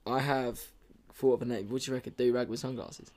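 An excitable young man chatting casually as a podcast co-host. His voice sits at an ordinary middle pitch, and he talks in quick slang and gets worked up as he pushes his ideas. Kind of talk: casual chat.

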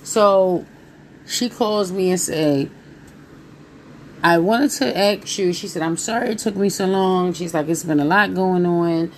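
A woman in her thirties telling viewers a personal story in a casual, animated way, talking straight to them. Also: on the low side, unhurried, slight background noise.

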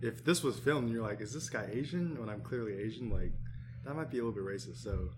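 A man's voice: medium pitch, fast talker, very noisy. A young man on a podcast, talking in a hesitant, stumbling, self-deprecating way. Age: young adult. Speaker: podcast co-host. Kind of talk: casual podcast chat.

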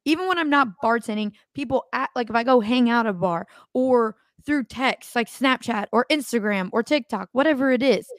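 A young woman co-hosting a podcast, animated and swearing often as she acts out quotes. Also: a little high, normal speed, few pauses, dry recording, studio quality. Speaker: podcast co-host. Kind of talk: casual podcast chat.

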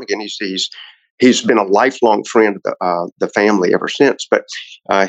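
Gravelly low-voiced man telling stories. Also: dry recording, highs cut off. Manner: rambling storyteller with many restarts. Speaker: guest car collector. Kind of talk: casual podcast storytelling.

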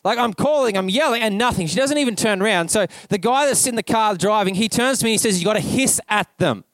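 An Australian man preaching in a relaxed, conversational way, his voice sitting high for a man. He tells stories with lots of "like" and casual asides. The sound is close and dry, with little room around it. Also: fast talker, no echo. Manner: chatty storytelling, peppered with "like". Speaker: pastor. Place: church.

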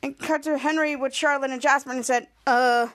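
A woman with a high voice hosts a podcast and recaps a TV episode. She rambles and restarts often, and slips into the characters' lines as she goes. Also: steady tone, brisk. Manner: rambling retelling with many restarts, acting out lines. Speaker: podcast host.

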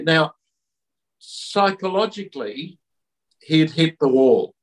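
A man's voice: a little high, expressive, distant mic, rough recording. Earnest, reflective man, slightly off-mic. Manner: earnest and reflective, with halting restarts. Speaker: interview guest. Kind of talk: reflective conversational storytelling.

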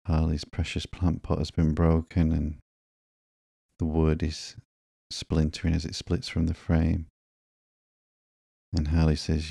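Calm male narrator for bedtime comic readings, extremely flat and slow, mellow and dark. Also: extremely low pitch, gravelly, husky, no echo, studio quality. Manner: calm, monotone, drawn-out. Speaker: podcast host and comic reader.

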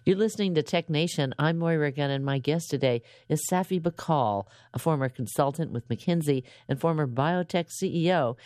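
A woman hosting a radio interview show, introducing her guest and asking questions in a clear, measured way. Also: low voice, dark tone, no echo, studio quality.

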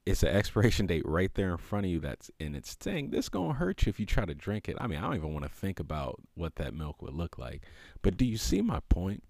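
A man's voice: low-pitched, very animated, brisk, creaky, a little mellow, no echo, clean studio sound. A man hosting a podcast alone, talking in a loose, reflective way, with many fillers and restarts. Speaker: podcast host. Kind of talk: casual reflective monologue.

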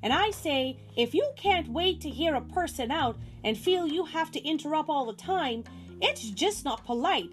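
A woman's voice: sits high, animated, moderate pace, soft background music. A woman doing a nonstop-talking yak cabbie. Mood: rambling. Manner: nonstop rambling, indignant, self-important. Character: chatty male yak taxi driver, never stops talking.

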